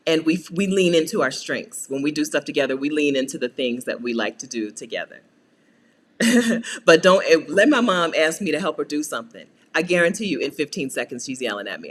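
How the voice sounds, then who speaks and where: A woman with a sing-song, slightly rough, somewhat bright voice talks at a moderate pace while hosting a casual livestream. A coach and channel host, she chats with viewers and answers their comments, laughing often and staying playful, with occasional high-pitched exasperated asides.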